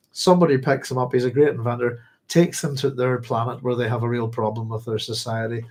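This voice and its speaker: A man's voice: mid-range voice, fairly even intonation, normal speed, poor audio. A man hosting a book club, chatting loosely, correcting himself and laughing often. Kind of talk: casual book talk.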